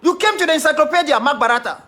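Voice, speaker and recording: A man's voice: very high-pitched, lively intonation, rapid-fire, pushed and bright. A man with a Cameroonian English accent giving a defiant, impassioned monologue to his followers, repeating key phrases for emphasis. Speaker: activist leader addressing followers.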